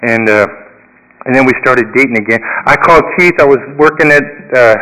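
A man's voice: mid-range voice, a little fast, pushed and bright. A middle-aged man shares a rambling personal recovery story, full of fillers and acted-out quotes. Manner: rambling, many fillers, acts out quoted dialogue. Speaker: recovery meeting speaker. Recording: reverberant hall sound.

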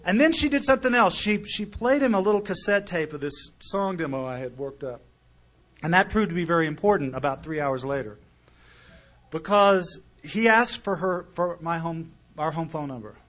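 A middle-aged man telling his recovery story to a group, animated and swinging from loud to quiet as he quotes other people. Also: fairly high pitch, normal speed. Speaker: speaker sharing recovery story. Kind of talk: storytelling talk at a recovery meeting.

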